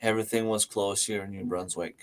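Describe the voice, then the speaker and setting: A man's voice: fairly low pitch, steady tone, fairly quick. A man hosting a casual livestream from home on a desk microphone. He talks easily, laughs often and answers viewers by name. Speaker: livestream host. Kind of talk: casual chat. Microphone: desk microphone and webcam.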